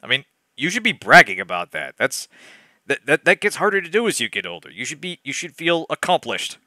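A man's voice: fairly high pitch, sing-song, fairly quick, sharp tone, no echo. A man reading a badly written novel aloud as a let's play host, breaking off for sarcastic, laughing asides. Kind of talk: comedic dramatic reading with commentary.

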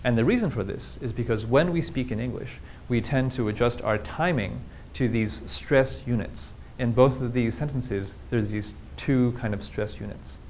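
A man of middling pitch gives a public talk on language, walking listeners through his slides and asking them questions as he goes. His delivery is engaged and explanatory. A faint low rumble sits behind the recording. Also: normal speed, hardly any pauses, darkish tone. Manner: explanatory, engaged, asks the audience rhetorical questions. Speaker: linguistics lecturer.

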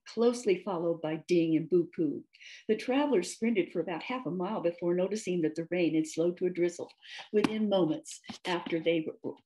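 Woman storybook narrator, gentle and measured, low and mellow. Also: poor audio. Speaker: author reading her story. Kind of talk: storybook read-aloud narration.

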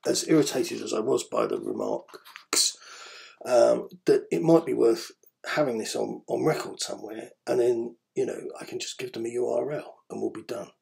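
A gravelly-voiced man talks through his daily podcast at a middling pitch. He rambles, hesitates over frequent ums, and keeps a dry, wry tone. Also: sing-song, normal speed, darkish tone. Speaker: podcast host. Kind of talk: casual spoken commentary.

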